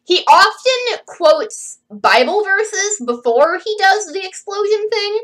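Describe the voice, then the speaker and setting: A woman's voice: very high-pitched, sing-song, slow, fairly bright tone. A woman giving a casual, chatty book review on her video channel, sarcastic and opinionated.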